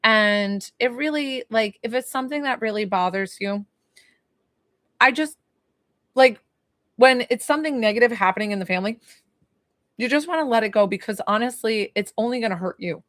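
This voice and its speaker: A woman's voice: fairly high pitch, normal speed, long pauses, a bit bright, dry recording. New lady doing a chatty live reading, lots of likes, dry close mic. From New York. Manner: chatty, rambling, full of "like" fillers. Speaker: psychic medium live-stream host. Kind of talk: casual live-stream talk.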